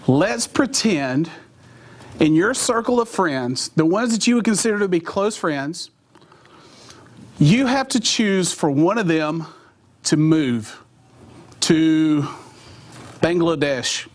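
A man preaching to a live youth group in a fairly high, lively voice. He jokes, teases and throws questions out to the room in a loose, conversational way. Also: a little slow, husky. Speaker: youth pastor. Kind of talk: live Bible study sermon.

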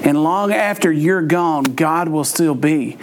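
Man, middle-aged, high voice, humorous sermon, folksy storyteller. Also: takes it slowly, noisy background. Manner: folksy storytelling, playful asides. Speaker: preacher.

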